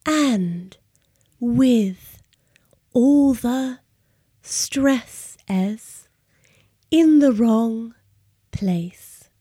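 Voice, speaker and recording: A woman's voice: on the high side, expressive, very slow, pauses often, dark tone, husky, dry recording, clean studio sound, exaggerated voice. A woman playing a poetry reader, reciting in an affected, fruity whisper with odd stresses and broken phrasing, as a whispered role-play.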